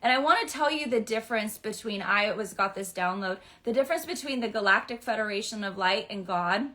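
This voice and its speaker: A young woman giving casual spiritual advice as an astrology forecaster, chatty and full of "right?" and "okay?" tags, sometimes jumping into loud exasperated voices. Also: mid-range voice, lively intonation, a little fast, hardly any pauses.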